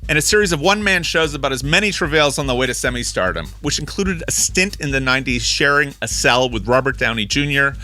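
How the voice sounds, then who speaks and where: A man hosting a podcast, chatty and quick to laugh, asking his guest probing questions and reading a short intro. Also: mid-range voice, expressive, sharp tone. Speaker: podcast host. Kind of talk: interview and scripted intro narration.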